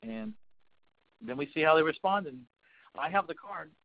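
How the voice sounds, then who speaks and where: A man with a high voice tells folksy stories as a guest on a webinar about investing. His audio is dry and dull, with the lo-fi sound of an online call. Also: moderate pace, vocal fry, dry recording. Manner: folksy, animated storytelling. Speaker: real estate investing coach, guest. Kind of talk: webinar talk.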